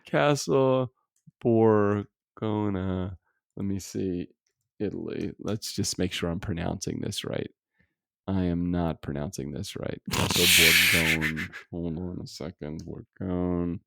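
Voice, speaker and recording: A relaxed American man chats on a podcast, rambling through his story with frequent laughs and casual swearing. His voice sits on the lower side, and the recording is close and dry with no room sound. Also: takes it slowly, creaky, dry recording. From United States. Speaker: podcast co-host. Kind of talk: casual chat. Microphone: remote podcast recording setup.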